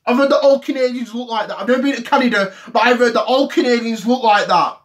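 An offended English football fan in his thirties , played by a man, rants on and on in a fairly high voice. He repeats himself in wounded indignation, building the sketch around his grievance. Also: quick pace. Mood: ranting. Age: 30s. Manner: indignant, repetitive ranting. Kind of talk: comedy sketch rant to camera.

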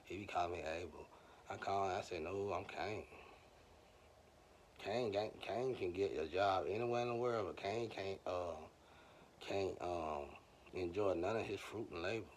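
A man's voice: low-pitched, normal speed, slight background noise. A man telling loose, slangy stories in a rambling monologue, speaking straight to his viewers.

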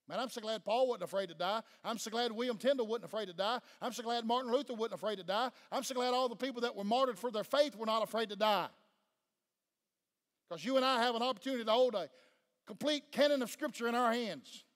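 A man's voice: very high-pitched, fast talker, a bit bright. A man with a Southern US accent preaching a sermon fervently, pressing the congregation with questions. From Tennessee. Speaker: pastor. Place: church sanctuary. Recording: long church-hall reverb.

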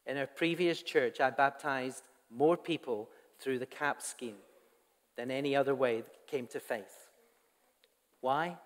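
A man's voice: mid-range voice, measured pace. A man giving a sermon to his congregation, earnest and conversational, with asides to the people in front of him. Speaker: pastor. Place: church hall. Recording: long church reverb.

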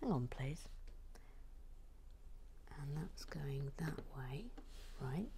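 A woman hosting a casual live stream as she builds, murmuring half-whispered asides to herself and brightening when she reads out to viewers. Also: very deep voice, expressive, drawn-out words, long pauses, a little hiss or hum. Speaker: host.

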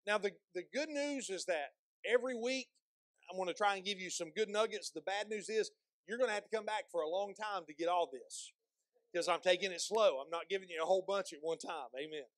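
A male pastor preaching a sermon, asking the congregation questions and slowing down to read scripture aloud with emphasis. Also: high voice, dry recording. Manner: slows and stresses when reading scripture aloud; repeats words and restarts phrases, asks the congregation questions.

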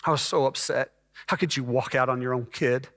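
A middle-aged pastor from Texas preaching a sermon as a personal testimony, emotional and rising to fervent peaks. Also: male voice, medium pitch, steady tone, brisk, a bit bright. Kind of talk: sermon storytelling. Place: church sanctuary. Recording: church hall reverb.

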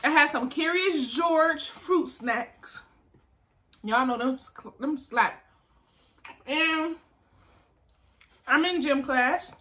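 A young woman vlogger telling a story in casual chat, animated and acting out the people in it. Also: high voice, drawn-out words, long pauses. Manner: animated, acts out voices in her story.

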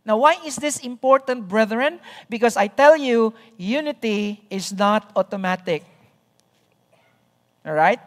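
A pastor delivers a sermon at an unhurried, measured pace. He stresses key phrases by repeating them and keeps checking in with the congregation. His voice carries a long reverb from a big church sanctuary. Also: medium pitch, a bit bright.

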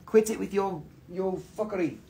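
A man hosting a live gemstone sale, excitable and cursing freely, breaking into snatches of song. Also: high voice, moderate pace, a little hiss or hum. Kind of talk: live shopping stream. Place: home shop.

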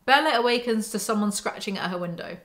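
Snarky woman, bright voice. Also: medium pitch, expressive, quick pace. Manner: sarcastic, mocking asides. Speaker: book commentary YouTuber. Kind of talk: casual snarky book recap.

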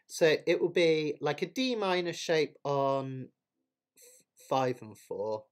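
A man's voice: fairly high pitch, lively intonation, takes it slowly, clean tone, soft background music. A man teaching a live online ukulele lesson, chatty and self-deprecating, explaining each point as he demonstrates it. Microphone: webcam setup with close camera. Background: ukulele playing.

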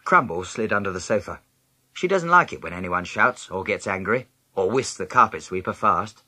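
A man reading a children's novel aloud as a first-person audiobook narration, with lively storytelling. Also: normal speed, husky, no room sound. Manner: lively storytelling, jumping high in pitch for other characters' lines.

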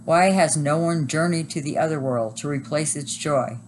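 A woman reading aloud and voicing a booming, mysterious male knight in red armor, with a stern, commanding delivery. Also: normal speed, a little hiss or hum, lightly acted, low-quality recording.

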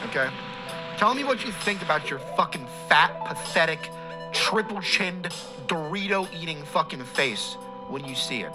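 A young man streaming a game live, talking in a loud, profane, easily enraged way. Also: fairly high pitch, lively intonation, normal speed, over music.

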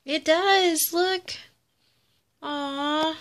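A woman's voice: fairly high pitch, a little slow, sharp tone. A young woman, cooing and gushing over an unboxing in casual commentary. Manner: gushing and cooing, repeats exclamations. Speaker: vlogger unboxing a doll.

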